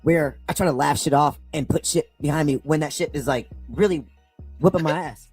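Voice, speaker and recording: Emotional man in his fifties, husky and fast, confessional livestream monologue, near crying. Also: a little high, darkish tone, faint music behind. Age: 50s. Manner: rambling, repeats "man", breaks into tearful outbursts. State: close to crying. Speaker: streamer on a clipped livestream.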